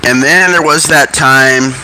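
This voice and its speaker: A man's voice: mid-range voice, a little slow, bright, forceful tone, low-quality recording. Rambling, profane man telling stories over music. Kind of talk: casual storytelling and musing.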